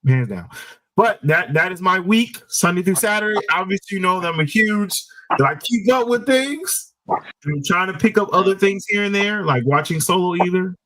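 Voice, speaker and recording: Emphatic male host, raised pitch. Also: lively intonation, normal speed, pushed and bright, poor audio. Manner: emphatic, repeats points for stress. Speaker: show host. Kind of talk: casual podcast chat.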